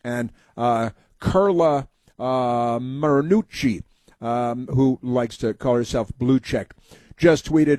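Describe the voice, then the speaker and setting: A man's voice: medium pitch, slow, a little mellow, dry recording. A man hosting a talk radio show, delivering sarcastic, mocking commentary full of "uh" fillers.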